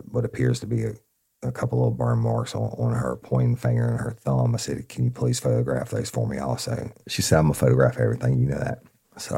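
A man's voice: rumbling low, vocal fry, mellow, slightly rough. A man telling an old police case to listeners, blunt and profane, acting out both sides of the conversations. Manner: blunt, profane, addresses listeners as y'all, acts out dialogue. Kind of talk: casual storytelling to an audience.

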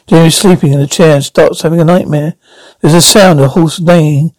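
A man's voice: fairly high pitch, fairly even intonation, a little fast, a little mellow, no echo, rough recording. A man narrating a science-fiction episode aloud and reading all the parts himself in a plain, descriptive read-through.

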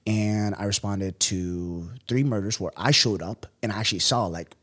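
A man in his thirties from the Bay Area, telling stories from his past as a guest in a podcast interview, animated and full of slang. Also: fairly low pitch, moderate pace. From Bay Area, California. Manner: animated storytelling with slang and laughs. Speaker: guest, business owner and former police officer.

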